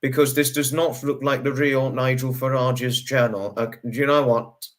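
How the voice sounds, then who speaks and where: Guy on his livestream, chatty, pops up high on every hello, mid-pitched voice. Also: fairly even intonation, moderate pace. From United Kingdom. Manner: chatty, greets viewers with sudden high bursts. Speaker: livestream host. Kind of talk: casual livestream chat, reading out viewer comments.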